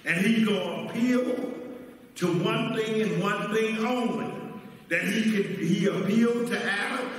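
A man's voice: high voice, measured pace. A man teaching a Bible study as pastor, preaching with rhetorical questions to the congregation in a church. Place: church sanctuary. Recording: echoey hall, mic far off.

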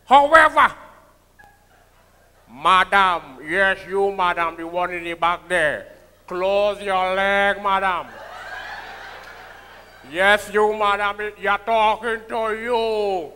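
A man doing an impression of a male comedian who teases the audience in a slow, low drawl, with a Trinidadian accent. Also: bright, forceful tone, clear, resonant tone, full character voice. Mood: teasing. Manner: slow, lower, teasing drawl. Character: impression of a deadpan male comedian teasing the crowd. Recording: live stage with long hall reverb.

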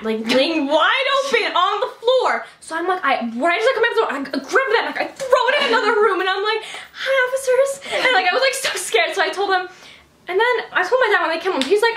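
A teenage girl vlogging at home, telling an excited story with quick giggles and lots of "like". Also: very high-pitched, reverberant, a little hiss or hum. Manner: fast, giggly, lots of 'like'. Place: home room.

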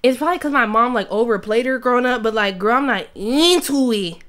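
A woman in her twenties reading out a quiz in a casual, playful chat full of slang and quick asides. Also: a little high, expressive, a bit bright. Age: 20s. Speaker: YouTuber.

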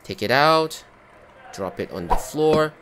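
A man's voice: on the high side, animated, slow pace, a bit bright, slight background noise. A man hosting a gameplay video, talking himself through each cooking step and breaking into exasperated outbursts at glitches. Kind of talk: live gameplay commentary.

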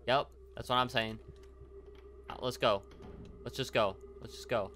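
A man's voice: lowish voice, measured pace, pauses often, sharp tone, slight background noise. A young man playing a horror game, reacting jumpily, swearing and talking to himself. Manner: jumpy, swearing, talks to himself. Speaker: let's play gamer.

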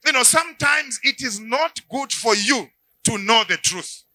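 A man preaching a sermon, animated, acting out little dialogues and shouting at the high points. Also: unhurried, dry recording, low-quality recording.

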